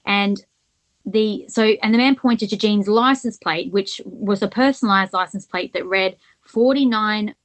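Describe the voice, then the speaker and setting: A woman co-hosting a true-crime podcast in relaxed, casual conversation. She retells events at length and thinks aloud as she talks. Her voice sits at an ordinary middle pitch for a woman. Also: measured pace. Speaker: podcast co-host.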